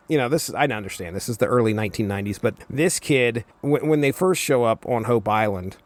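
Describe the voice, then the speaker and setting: A man hosting a comics podcast, giving casual commentary with wry, rambling, amused asides. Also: medium pitch. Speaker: podcast host.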